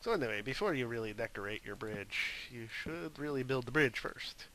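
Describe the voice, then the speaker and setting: A man's voice: medium pitch, expressive, normal speed, pushed and bright, slight background noise. A man giving casual, rambling gameplay commentary as host, jokey and self-mocking, on a desk microphone at home. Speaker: let's play host.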